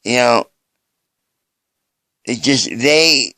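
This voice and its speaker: A man recording a personal video message, speaking earnestly and haltingly, often restarting his sentences. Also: mid-range voice, expressive, pushed and bright, no room sound.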